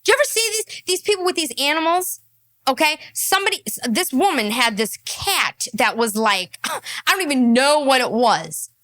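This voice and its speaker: Mocking woman ranting over clips, high lively voice, dry close sound. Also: normal speed, no room sound. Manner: mocking, exasperated. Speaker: commentator. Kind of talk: reaction commentary.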